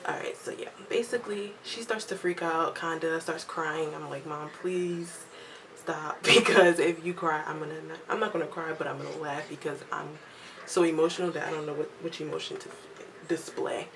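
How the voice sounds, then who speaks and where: A young woman telling a casual storytime vlog at home, lively and chatty, acting out what others said. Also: sits low, normal speed, background noise. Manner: chatty, animated quoting of others, laughs often. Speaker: vlogger.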